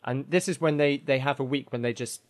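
A man hosting a casual podcast, joking and animated, often restarting his sentences. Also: mid-range voice, brisk. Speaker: podcast host.

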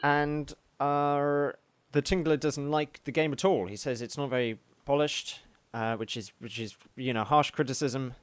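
A man co-hosting a podcast in casual chat, with dry deadpan jokes. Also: mid-range voice, unhurried, clean tone. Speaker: podcast co-host.

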